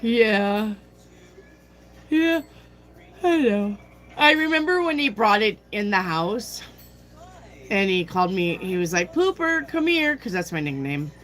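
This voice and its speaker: Slow-talking woman telling a story. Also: medium pitch, fairly bright tone, low-quality recording. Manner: chatty storyteller, reads out viewer comments. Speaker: tarot livestream host. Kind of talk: casual chat with live chat.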